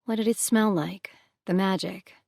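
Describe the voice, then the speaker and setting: A woman's voice: mid-range voice, fairly even intonation, normal speed, creaky, a little mellow, no room sound, studio quality, close to an everyday voice. A woman voicing a young goddess heroine, earnest and direct.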